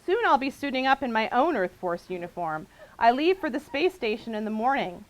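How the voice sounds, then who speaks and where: Expressive woman author reading aloud. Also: a little high, brisk, poor audio. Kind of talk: reading her novel aloud at a book event. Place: book signing event.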